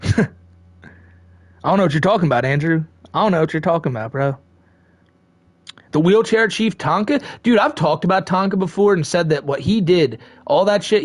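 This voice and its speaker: Streamer host, male, high-ish voice, dry close sound; loose, profane, rambling chat with frequent laughs. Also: no echo. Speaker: live streamer reading chat. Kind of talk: casual live-stream chat.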